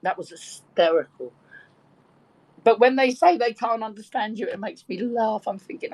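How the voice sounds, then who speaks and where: A woman's voice: on the high side, moderate pace, darkish tone, no echo, low-quality recording. A woman in her sixties from Birkenhead with a London accent, telling bawdy stories and laughing often in a casual group chat. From Birkenhead, England. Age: 60s. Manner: bawdy, chatty storyteller who laughs often.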